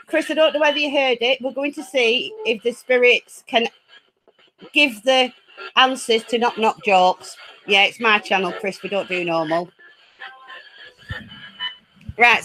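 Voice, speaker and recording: A woman hosting her own paranormal channel from home, chatty and easily excited, laughing often as she talks to her viewers. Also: fairly high pitch, unhurried, low-quality recording. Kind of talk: casual live chat. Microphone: laptop.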